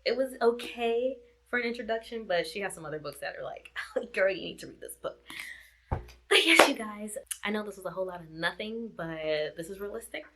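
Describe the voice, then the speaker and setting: A woman's voice: medium pitch, a little fast, pushed and bright, a little hiss or hum. A woman reviewing a book in a casual vlog chat, repeating herself and laughing often. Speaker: book vlogger.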